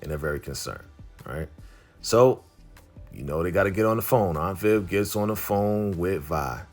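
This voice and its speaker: Brief: easygoing man with a deep voice, slangy TV recap host, faint music under him. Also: lively intonation, normal speed. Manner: slangy, laid-back, heavy on filler phrases. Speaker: TV recap vlogger. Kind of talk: casual episode recap.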